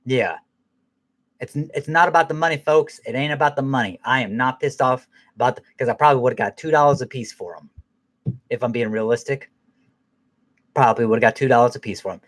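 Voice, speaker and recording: A man hosting a podcast who rambles through an angry, profane rant and laughs at himself now and then. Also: medium pitch. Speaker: podcast host.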